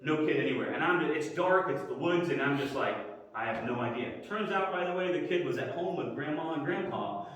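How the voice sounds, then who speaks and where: Guy preaching sunday school, kinda high voice, tells stories all animated, big echoey church hall. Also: fairly quick. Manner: animated storyteller, acts out his own quoted lines. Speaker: pastor teaching Sunday school. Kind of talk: sermon with personal storytelling. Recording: echoey hall, mic at a distance.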